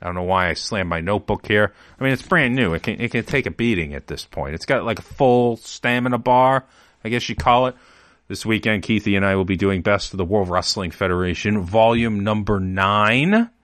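Brief: male podcast host, low voice with plenty of swing, dry close mic, chatty and digressive. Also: fairly quick, a bit bright, no echo. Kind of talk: casual solo podcast talk.

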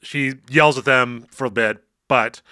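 A man's voice: medium pitch, a little slow, bright, forceful tone, no echo, studio quality. A man co-hosting a podcast, chatting casually as he recaps a TV episode and acts out quotes in mock voices. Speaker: podcast co-host.

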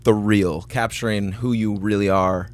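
A man's voice: fairly low pitch, fairly even intonation, unhurried. A man hosting a podcast interview, joking and rambling in a self-deprecating, casual way. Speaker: podcast host.

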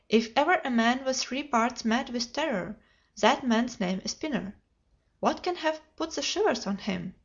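Woman reading an old detective story, steady measured pace, fairly high voice, muffled home recording. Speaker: audiobook reader. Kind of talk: audiobook narration of a classic detective story.

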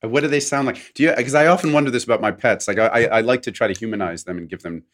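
A man's voice: mid-range voice, very fast, a bit bright. A man interviewing a guest, asking eager, wordy questions full of fillers. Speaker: interviewer host. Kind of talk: interview conversation.

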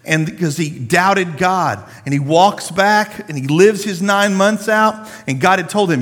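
Male preacher, high and animated, chatty slang-filled sermon, long hall reverb. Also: normal speed, few pauses. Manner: animated, conversational, slangy storytelling. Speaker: pastor.

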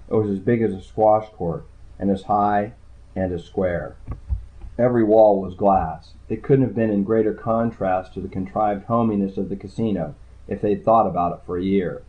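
A man narrating a hardboiled crime story in the first person, with a dry, low-key delivery. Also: fairly even intonation, moderate pace. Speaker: audiobook narrator. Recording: tinny phone-like sound.

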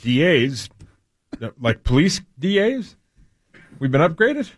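A man co-hosting morning radio, throwing in quick jokes. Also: on the high side, sing-song, no room sound, studio quality. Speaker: radio co-host. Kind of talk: casual morning radio chat.

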